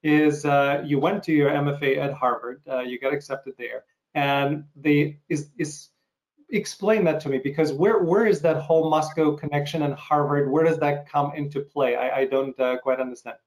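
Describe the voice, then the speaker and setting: A man hosting an interview, asking questions in a halting way with many pauses and restarts. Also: fairly high pitch, steady tone, low-quality recording. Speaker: interview host. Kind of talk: casual interview conversation.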